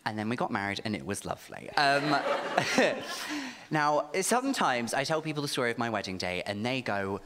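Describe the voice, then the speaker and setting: Animated man doing stand-up. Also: medium pitch, normal speed. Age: 30s. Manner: camp, animated, self-mocking delivery. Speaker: stand-up comedian. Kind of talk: stand-up comedy storytelling. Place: comedy club stage, live audience. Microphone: stage microphone.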